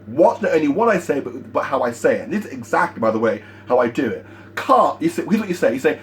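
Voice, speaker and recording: A man giving a motivational sales training talk, emphatic and energetic, repeating his key points. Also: medium pitch, fast, a little hiss or hum.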